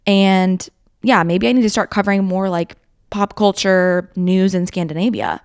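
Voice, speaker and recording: A woman's voice: medium pitch, moderate pace, darkish tone, clean tone, no echo, clean studio sound. Chatty, self-mocking woman podcast host. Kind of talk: casual solo podcast chat.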